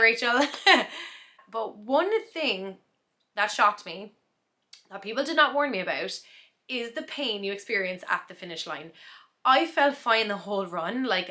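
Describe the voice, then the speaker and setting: A woman's voice: medium pitch, pushed and bright. A young woman chatting in a casual vlog, recapping her day in a reflective, talkative way with frequent laughs. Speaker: vlogger.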